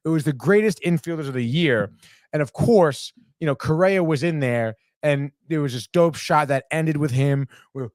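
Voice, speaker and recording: A young man with a medium-pitched voice hosts a live sports talk podcast, recorded with clean studio sound and no echo. His casual sports chat is rambling and heated, and he swears freely and says "dude" a lot.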